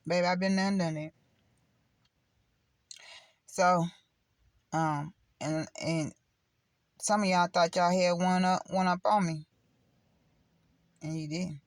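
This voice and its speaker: A woman's voice: fairly low pitch, fairly even intonation, slow pace, pauses often, no room sound. A middle-aged woman chatting casually on her channel in a blunt, preachy, rambling way. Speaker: spiritual vlogger. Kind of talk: casual direct-to-camera chat.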